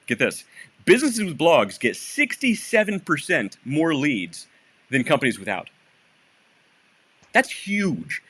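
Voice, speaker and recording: A man's voice: fairly high pitch, measured pace, pauses often, husky. A man from Michigan co-hosting a podcast, explaining marketing in casual, joking talk. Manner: explains and jokes, lively. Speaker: podcast co-host.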